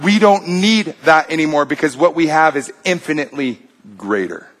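A man's voice: a little high, animated, moderate pace, a bit bright. A male pastor preaching a sermon, retelling a story in a conversational way with fillers.

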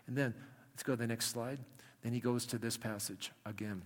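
A man gives a Bible lesson from slides, his voice a little husky at a middling pitch. He reads scripture with lively emphasis and breaks off for wry asides to the class. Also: a little fast. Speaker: Bible teacher.

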